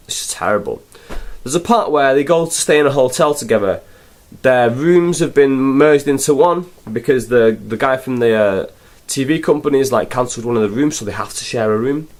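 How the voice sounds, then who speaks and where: Animated man ranting casually. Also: medium pitch. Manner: rambling, sarcastic, full of fillers. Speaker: film reviewer. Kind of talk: casual spoken review.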